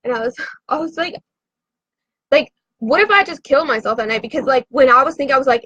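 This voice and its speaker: A woman's voice: sits high, brisk, long pauses, bright, forceful tone, breathy edge, no room sound, lo-fi sound. A woman who has been drinking, telling a rambling, profane story to a live audience in a frantic, confessional way.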